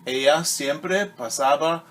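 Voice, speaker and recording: A man's voice: on the high side, a bit bright, a little hiss or hum. A male teacher reading a children's story aloud, speaking patiently to young listeners. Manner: slow, patient, addresses children directly.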